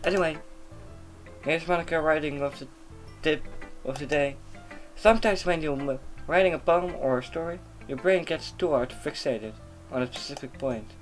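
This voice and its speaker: A man's voice: a little high, moderate pace, faint music behind, close to an everyday voice. A man voicing a confident, cheerful teenage girl who runs a club, reading game dialogue aloud with a lightly raised voice. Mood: friendly.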